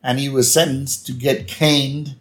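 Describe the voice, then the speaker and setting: A man's voice: medium pitch, level tone, unhurried. A man co-hosting a podcast, retelling an episode in loose casual chat full of fillers and tag questions. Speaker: podcast co-host.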